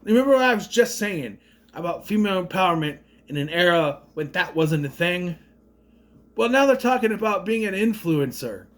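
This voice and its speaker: A man's voice: high-pitched, expressive, moderate pace, fairly bright tone. A man giving casual, rambling movie commentary, sarcastic and swearing freely. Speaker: movie reviewer.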